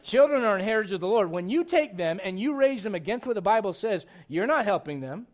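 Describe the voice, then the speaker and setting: A man preaching a sermon in church, animated and digressive, with frequent asides to the congregation. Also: high voice, quick pace. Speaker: pastor. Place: church sanctuary.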